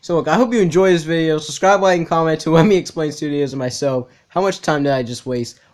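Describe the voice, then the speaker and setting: A man's voice: a little high, fast. A man casually reacting to a video, joking along and calling people bro. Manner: laid-back, joking, says bro a lot.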